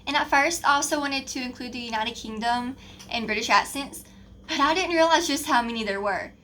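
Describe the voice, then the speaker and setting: A woman's voice: high-pitched, fairly quick, sharp tone, slight background noise. A young woman with a Southern American accent, narrating a class project in a chatty, informal way. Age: young adult. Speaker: student presenter.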